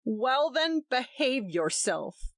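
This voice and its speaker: A curt, stubborn young husband, short and cold in his answers, as a woman reading a story puts him on. The pitch moves a lot within each line. The sound is close and dry. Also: very animated, slow pace, fairly bright tone, no room sound, full character voice. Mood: stern.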